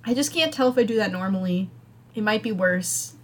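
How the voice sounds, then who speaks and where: A woman's voice: medium pitch, a little fast. Wisconsin-accented woman chatting. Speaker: podcast co-host. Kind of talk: casual chat.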